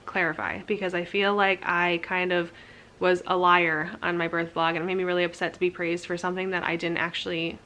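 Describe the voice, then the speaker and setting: A young woman talks straight to camera, relating a personal story in a casual, candid way. Her voice sits a little low but sounds bright and forward. She peppers her speech with "like" and laughs at herself now and then. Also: level tone, fairly quick. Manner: chatty, candid, frequent "like" fillers, laughs at herself. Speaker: vlogger telling her birth story.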